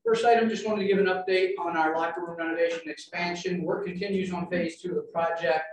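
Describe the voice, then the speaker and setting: A man's voice: sits high, fast talker. A man, a school administrator, methodically walks a board through an update at a public meeting, picked up from a distance in a large room. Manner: steady, methodical, walks through points in order. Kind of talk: informational presentation at a public meeting. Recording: very echoey meeting room from far off, faint noise.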